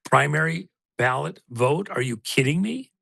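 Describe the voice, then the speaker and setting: A man's voice: fairly high pitch, animated, moderate pace, gravelly, pushed and bright, dry recording. A male guest on a political talk show who speaks in an emphatic, insistent way.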